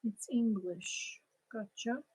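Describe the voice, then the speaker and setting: A woman's voice: a little high, slow, darkish tone, husky. A woman with a German accent, a native German speaker, chatting casually with viewers as host of a crochet livestream, answering comments and laughing at herself.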